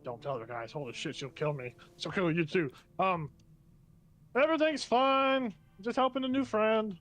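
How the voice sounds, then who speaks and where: A man's voice: sits high, normal speed, fairly bright tone, soft background music, voice pushed up. A man voicing a doting, goofy tentacled male alien father in a tabletop game, cracking corny jokes. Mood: coaxing. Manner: corny jokester, laughs at own puns.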